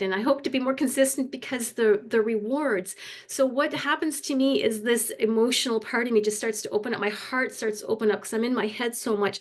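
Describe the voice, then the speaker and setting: An older woman, a grandmother, sharing a heartfelt, rambling personal story on a video call, tearful at times. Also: mid-range voice. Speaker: community member sharing.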